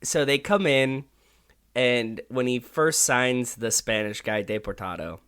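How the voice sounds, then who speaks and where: A man's voice: medium pitch, unhurried, fairly bright tone, smooth. A man co-hosting a podcast in casual chat, rambling with lots of fillers and swearing casually. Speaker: podcast co-host.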